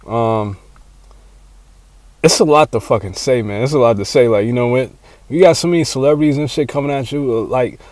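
A man hosting his own solo podcast, rambling and excitable, swearing constantly as he talks. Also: mid-range voice, no echo. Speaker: podcast host. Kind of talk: casual solo podcast monologue.

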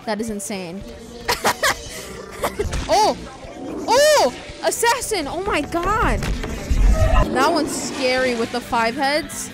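A woman hosting a reaction video, excitable and quick to gasp and shout in surprise, with the soundtrack of the video she watches playing behind her. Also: high voice.

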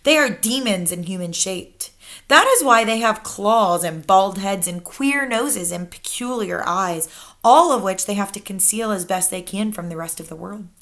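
A woman's voice: mid-range voice, lively intonation, normal speed, a bit bright. A woman reading aloud the part of a stern, wise old grandmother, in a firm, matter-of-fact way. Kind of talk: children's book read-aloud.

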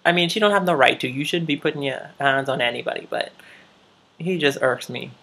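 A woman's voice: rumbling low, brisk, a bit bright. A woman vlogger chatting casually while recapping TV shows, swearing freely and laughing often.

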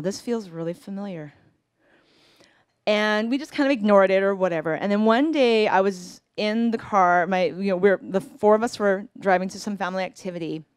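A woman in her forties telling a personal story on a live storytelling stage, conversational, with pauses and self-corrections. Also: mid-range voice, clear, resonant tone, dry recording, clean studio sound.

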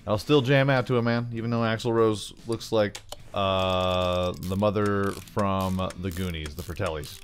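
Brief: low-pitched Philly guy, rambling gameplay commentary, faint music under. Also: steady tone, moderate pace. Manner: chatty, rambling asides, playful voices. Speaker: gaming YouTuber.

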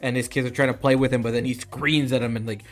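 A man's voice: medium pitch, flat delivery, quick pace, faint music behind. A man on a podcast casually recapping a movie, rambling and acting out the characters' lines. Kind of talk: casual movie review chat.

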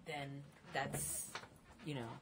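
A woman with a low voice speaks emphatically in casual chat, often checking in with her listeners. Steady background noise sits clearly under her voice. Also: very slow. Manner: emphatic, leans on "you know what I mean". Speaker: podcast co-host.

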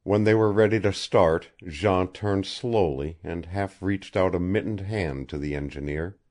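A man narrating an audiobook in a measured, expressive way. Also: sits low. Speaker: audiobook reader.

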